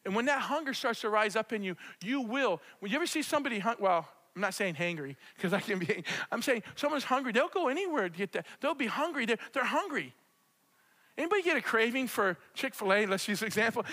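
A man with a very high, bright voice preaches a loose, chatty sermon and slides into spoken prayer. He talks straight to the people in front of him and keeps circling back to the same words. A long reverb from the hall trails each phrase. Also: fast talker. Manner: animated, repetitive, talks straight to the congregation. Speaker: pastor.

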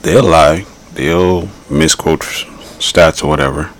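A man's voice: very deep voice, fairly even intonation, takes it slowly. A man hosting a podcast, giving blunt, rambling political commentary and repeating his points. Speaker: podcast host.

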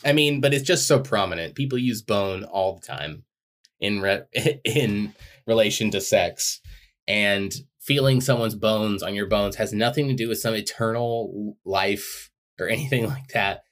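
Blunt, lower-voiced man ranting on a podcast. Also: measured pace, a bit bright. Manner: blunt, exasperated, swears freely. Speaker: podcast co-host. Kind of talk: casual chat about song lyrics.

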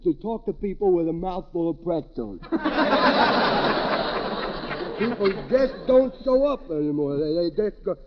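A man's voice: sits high, animated, a little slow, long pauses. An actor playing a tipsy, wisecracking man on Christmas, with slurred, rambling drunk patter, in 1940s radio comedy style. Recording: noisy dull old radio broadcast.

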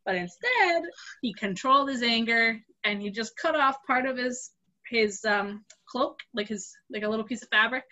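An adult woman telling a Bible story to kids and leading a group talk, acting out the characters with a lively voice. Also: fairly high pitch, moderate pace, dull audio. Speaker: youth group leader.

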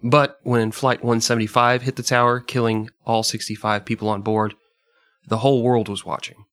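A man's voice: medium pitch, flat delivery, moderate pace, a bit bright, dry recording. A man hosting a casual podcast, reading historical passages aloud and laughing often between them. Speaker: podcast host.

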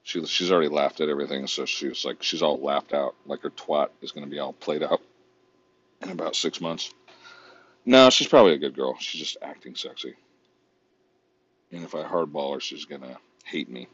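A man's voice: very deep voice, normal speed, a bit bright, breathy edge, dull audio. A man vlogging in a casual, rambling, profane way while browsing online, often mocking himself.

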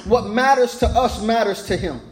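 High-voiced preaching pastor, echoey. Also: male voice, moderate pace. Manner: repeats words in rising preaching cadence. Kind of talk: sermon.

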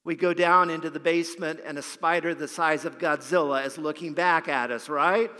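A man's voice: fairly high pitch, fairly even intonation, normal speed, pushed and bright. A man, a pastor, preaching a sermon and telling a story, often repeating a word as he starts a phrase. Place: church sanctuary. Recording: long hall reverb.

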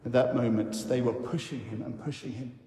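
A man who is a vicar, giving a sermon in a church and telling the story slowly with reflective pauses. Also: mid-range voice, fairly even intonation, dark tone. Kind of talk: sermon talk. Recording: echoey church hall.

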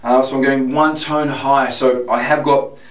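A man with laryngitis, a singing teacher talking through his vocal warm-ups with a husky, strained voice. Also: level tone, normal speed. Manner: talks through exercises, testing falsetto with sung sirens. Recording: echoey room, far from mic, loud piano.

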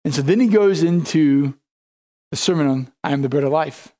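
High-voiced man preaching conversationally. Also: moderate pace, warm tone. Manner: conversational storytelling, retelling scripture in casual modern speech. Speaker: pastor. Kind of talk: sermon.

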